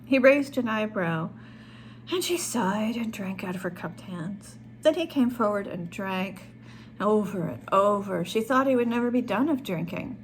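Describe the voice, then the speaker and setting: A woman author reading her own short story aloud in a calm storytelling manner. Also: medium pitch, unhurried, slight background noise.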